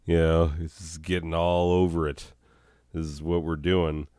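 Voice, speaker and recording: A hoarse, sick man hosting a comedy show, rambling in a deadpan way with chuckles and coughs. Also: deep voice, a little slow, no echo, clean studio sound.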